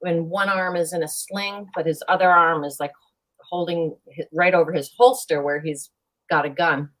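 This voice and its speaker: A woman chatting as a guest on a live show, playful and lively as she tells a long joke. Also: lowish voice, normal speed. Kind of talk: casual chat, telling a joke.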